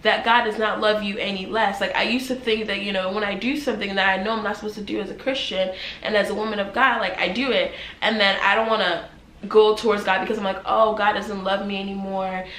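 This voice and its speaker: A woman's voice: mid-range voice, steady tone, fast, fairly bright tone. A young woman vlogger giving an earnest, emotional faith testimony, rambling and unscripted with many fillers. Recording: echoey room with faint background noise.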